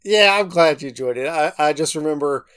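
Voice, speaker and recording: A man's voice: fairly high pitch, a little fast, a bit bright, clean tone. A man co-hosting a casual movie review chat, talking in a laid-back, easygoing way. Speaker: podcast co-host.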